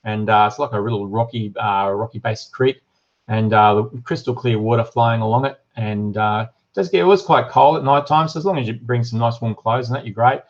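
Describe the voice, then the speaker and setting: A man's voice: medium pitch, fairly quick. Chatty Australian man, dull lo-fi stream. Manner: chatty, reads viewer comments aloud, lots of ums and uhs. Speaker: livestream host and shop owner. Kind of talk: casual live-stream chat.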